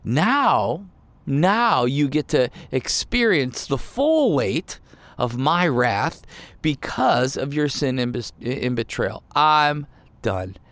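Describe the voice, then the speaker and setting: Exasperated Jesus figure, a man doing the voice, repeating himself over and over, raised pitch. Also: very animated, slow, a bit bright, no room sound, exaggerated voice. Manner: rising, indignant, repetitive ranting.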